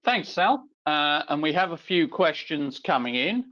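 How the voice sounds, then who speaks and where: A man's voice: a little high, sing-song, a little slow, bright, forceful tone, dull audio. A man moderating a webinar, reading out audience questions with a few hesitant ums.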